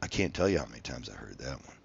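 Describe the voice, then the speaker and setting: A man's voice: a bass voice, very animated, very fast, vocal fry, muffled recording, slight background noise. A man telling a story from his own past in a casual monologue, swearing freely and acting out the dialogue with animation.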